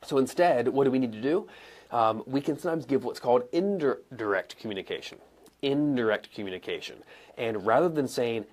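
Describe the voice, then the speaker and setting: A young adult man coaching live viewers in a casual, conversational way, acting out examples with pauses and emphasis. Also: medium pitch, lively intonation, darkish tone. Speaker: coach and speaker answering viewer questions. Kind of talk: live-streamed teaching. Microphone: camera mic, moves around and sits back down.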